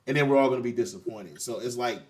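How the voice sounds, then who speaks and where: A man's voice: medium pitch, fast talker. Laid-back man steering the chat. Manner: relaxed, steers the topics. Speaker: podcast co-host. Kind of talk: casual chat.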